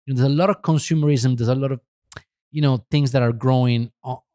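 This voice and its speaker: A man's voice: mid-range voice, fairly even intonation, fast, dark tone, dry recording, studio quality. A middle-aged man chatting as a podcast guest, rambling and hesitant with many restarts. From Italy. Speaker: podcast guest, magazine co-founder. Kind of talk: casual chat.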